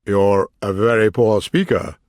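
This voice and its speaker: A man voicing an impatient, bossy male king who gives sharp commands. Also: on the low side, steady tone, measured pace, dry recording, clean studio sound, close to an everyday voice. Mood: stern.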